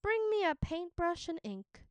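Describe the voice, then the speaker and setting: A woman voicing a pompous, greedy male magistrate who booms orders, read slowly in a storybook read-aloud. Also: big pitch swings, no echo, dull audio, heavily acted. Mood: pondering. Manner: booming, commanding.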